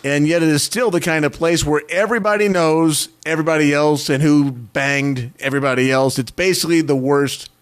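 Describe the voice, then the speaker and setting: A man's voice: fairly high pitch, steady tone, a little fast, few pauses, smooth. A man co-hosting a casual podcast, tossing in dry wisecracks and reading items aloud. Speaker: podcast co-host.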